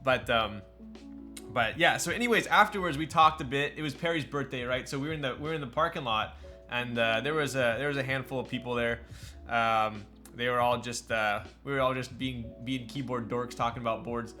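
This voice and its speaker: A male streamer with a bright, sharp voice chats loosely with his viewers. He jokes, answers chat and laughs as he goes. Soft music plays faintly behind him. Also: mid-range voice, fairly quick. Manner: chatty and joking, replies to chat, laughs often. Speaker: live streamer building a keyboard. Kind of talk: casual live-stream chat.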